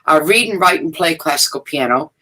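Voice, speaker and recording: Older woman, guest musician, bright voice, emphatic, casual interview chat, video call. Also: low voice, expressive, brisk. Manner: chatty, laughing, emphatic.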